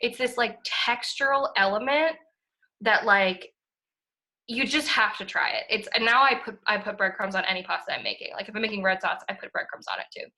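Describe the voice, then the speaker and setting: A woman's voice: mid-range voice, fairly quick, pushed and bright. A young woman chatting enthusiastically as a podcast co-host, full of fillers and the odd swear word. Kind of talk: casual chat.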